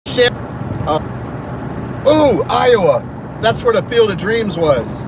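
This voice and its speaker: Driving to work on the highway, a man vlogs from his car in a high, animated voice at a measured pace. He chats and jokes as his thoughts drift, with road noise humming beneath him.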